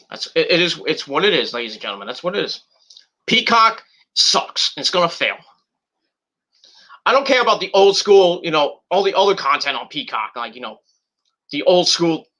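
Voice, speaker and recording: A man in his thirties hosting a podcast, chatting casually in a rambling, profane way with frequent restarts. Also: fairly high pitch. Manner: rambling, profane, restarts often, shouts in bursts. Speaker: podcast host.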